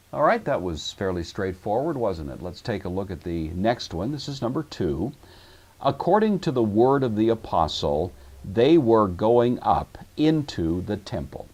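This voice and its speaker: Slow, low-voiced man teaching Greek. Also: a little mellow, breathy edge. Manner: methodical, talks through each step aloud. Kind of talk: recorded language lesson.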